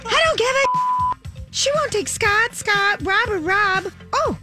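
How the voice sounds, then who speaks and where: A scheming teenage mean girl, played by a woman, chirps her lines in a very high, girlish voice that swoops up and down. Her tone is catty and conspiratorial. Music plays clearly behind her. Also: sing-song, takes it slowly, sharp tone, full character voice. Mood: chummy. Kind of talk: reading old notes aloud as a character.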